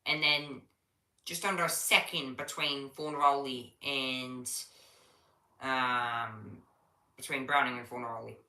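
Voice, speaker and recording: A woman's voice: a bass voice, fairly even intonation, a little slow, bright, forceful tone, reverberant, rough recording. A young woman giving casual live race commentary on a stream, chatting to viewers and reading the chat between calls.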